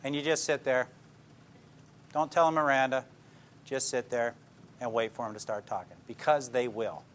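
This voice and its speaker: A man's voice: mid-range voice, fairly even intonation, normal speed, a bit bright, slight background noise. An older man, a police detective, giving an informal talk to a live audience, plainspoken and full of anecdotes that he checks in on with his listeners. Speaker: police detective speaking to a class.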